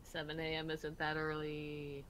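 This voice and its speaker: A woman playing a tabletop game in casual chat, bantering with quick jokes. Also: low voice, completely flat delivery, fairly bright tone, slight background noise.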